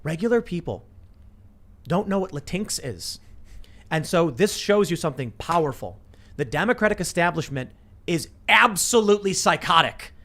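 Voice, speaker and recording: A man's voice: high voice, moderate pace. A man hosting a casual political chat show, talking animatedly and acting out other people's lines. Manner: animated, acts out quotes in shifting voices. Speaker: show host.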